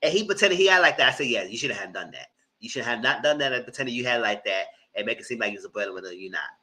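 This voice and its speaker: A man giving live commentary on a reality TV show, animated and cussing, mocking the people in it. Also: medium pitch, quick pace, poor audio. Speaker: reality TV reviewer.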